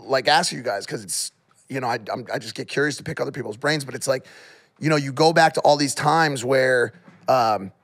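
A man's voice: mid-range voice, brisk, fairly bright tone. A man co-hosting a casual podcast chat, thinking aloud in long rambling sentences with restarts and casual swearing. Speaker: podcast co-host. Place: podcast studio.

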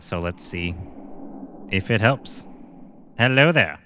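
A man's voice: sits low, expressive, slow pace, bright, forceful tone, a little hiss or hum. A man hosting a let's play, chatting and joking casually as he plays. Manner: jokey, laughing, chatty. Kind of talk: casual game commentary.

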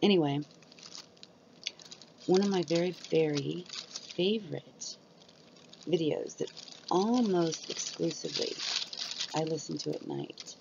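Chatty low-voiced woman, lo-fi vlog. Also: animated, measured pace, creaky, long pauses, background noise. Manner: chatty, rambling, many "like"s. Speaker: vlogger. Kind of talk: casual chat about ASMR.

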